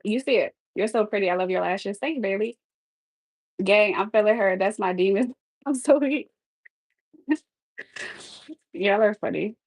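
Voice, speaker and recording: A woman's voice: mid-range voice, a little slow, pauses often, no echo, rough recording. A young woman live streaming while she cooks, chatting casually and talking back to her chat with sass. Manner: sassy, talks back to the chat.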